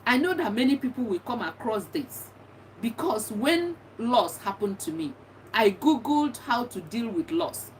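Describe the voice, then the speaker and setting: A middle-aged bereaved mother offers earnest words of encouragement in a testimony talk, frequently going back over the same points. Her sing-song voice is on the high side and a little slow, captured by a distant mic with faint background noise.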